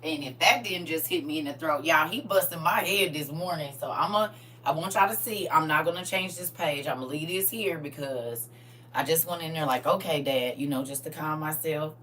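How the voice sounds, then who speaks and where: A woman leads a live-streamed Bible lesson with a bright, forceful voice, her tears close to the surface. She talks to her viewers in a chatty, animated way, calling them baby and honey. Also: low-pitched, moderate pace, far from the mic, slight background noise. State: tearful, emotional. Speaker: Bible study host.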